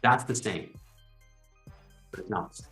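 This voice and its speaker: A man's voice: unhurried, reverberant, soft background music. A man hosting a podcast, talking casually and acting out little scenes with quoted voices. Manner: animated, explains with imagined scenes and quoted asides. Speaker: podcast host. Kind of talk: casual storytelling chat.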